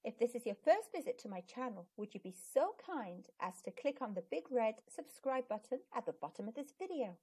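A woman hosting a children's channel, reading a picture book aloud in an expressive, sing-song way. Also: fairly high pitch, fairly quick, few pauses, slightly rough. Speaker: channel host and storyteller.

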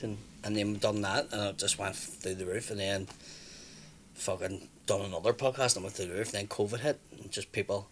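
A stand-up comedian in his thirties with a Belfast accent tells stories bluntly in casual chat, swearing freely and acting out what people said. His voice is lowish and steady, his pace brisk, with slight background noise.

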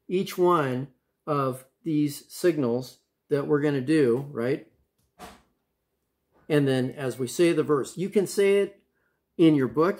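A man's voice: fairly high pitch, a little mellow. Upbeat man teaching kids a Bible lesson. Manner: casual, upbeat, asks children questions.

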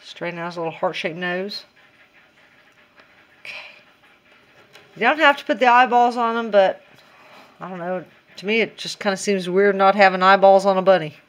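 Woman, DIY vlogger, casual craft tutorial, chatty, giggly, mid-pitched, talks to herself. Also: normal speed, long pauses.

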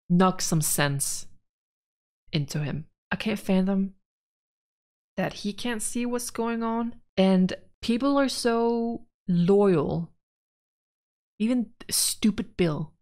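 A woman's voice: medium pitch, darkish tone. A woman giving casual gameplay commentary, rambling frankly and with exasperation about the story as a let's play gamer.

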